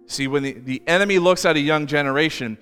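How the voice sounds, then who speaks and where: A man's voice: fairly high pitch, fast talker, fairly bright tone, clean tone. A man preaching a sermon as pastor, telling the story in a conversational way with asides. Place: church. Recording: reverberant church hall with faint music.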